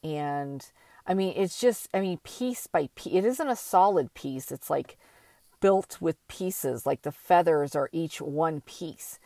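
An older woman talking slowly and thoughtfully in a reflective personal monologue, with many pauses and fillers. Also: sits low, warm tone, no echo.

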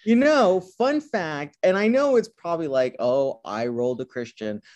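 A man co-hosting a casual movie podcast, talking in an animated way and reading film lines aloud. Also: on the high side, moderate pace. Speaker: podcast co-host.

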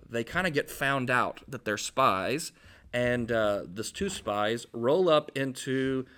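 A man preaching a casual, jokey storytelling sermon in a conversational, animated way. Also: mid-range voice. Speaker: pastor.

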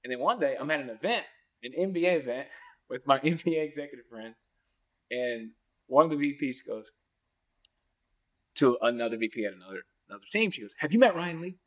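A man guesting on a podcast, telling stories casually and acting out other people's lines with big jumps in pitch, laughing often as he goes. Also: fairly quick, long pauses. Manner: animated, acts out quoted voices with big pitch jumps; laughs often mid-story. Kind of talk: casual storytelling.

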